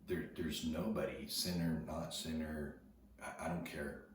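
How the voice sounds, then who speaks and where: A man telling a personal story to his viewers in an earnest, casual way, often dropping to a hushed near-whisper and repeating words as he goes. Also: a bass voice, steady tone, a little slow. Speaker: video host. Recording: very echoey, distant from the mic, noisy ambience.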